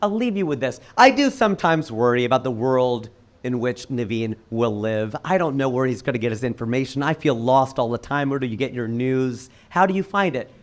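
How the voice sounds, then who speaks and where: A middle-aged man performing a stand-up comedy set on a club stage, with an animated, punchy delivery. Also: a little fast. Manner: animated, punchy delivery with sudden jumps in pitch.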